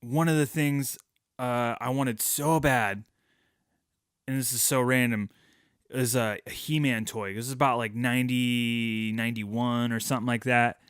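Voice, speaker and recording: A man's voice: mid-range voice, steady tone, a little slow, a bit bright, clean tone, dry recording, clean studio sound. A man hosting a podcast, telling a rambling, profane childhood story with self-mocking jokes. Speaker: podcast host.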